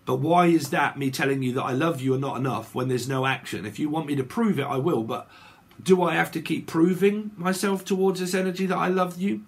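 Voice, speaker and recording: A man's voice: a little high, a little fast, husky. A man giving a casual tarot reading to his viewers, rambling and checking in with "okay" and "right" again and again. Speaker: tarot reader.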